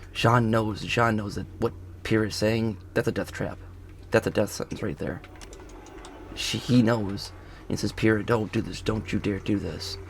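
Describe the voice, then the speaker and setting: A man's voice: on the low side, creaky, slight background noise. A man casually recapping a show episode outdoors, rambling and correcting himself as he goes. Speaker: video reviewer. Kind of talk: casual spoken review. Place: outdoors on a golf course.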